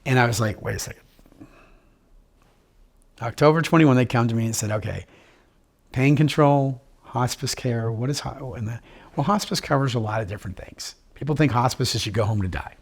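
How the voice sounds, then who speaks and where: A man speaks in an interview about his own life, his voice husky and mid-pitched. He stays upbeat and jokes as he goes, acting out the lines of the people he talks about. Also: a little fast. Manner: upbeat, joking, quotes others in dialogue. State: living with terminal illness. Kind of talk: personal storytelling.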